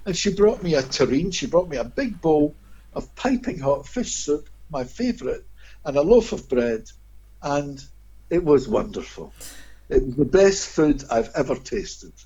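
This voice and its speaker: A man's voice: on the high side, unhurried, breathy edge. A man telling vivid anecdotes as a guest in an interview. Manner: animated, expressive storyteller. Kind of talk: anecdotal storytelling. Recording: dull lo-fi audio.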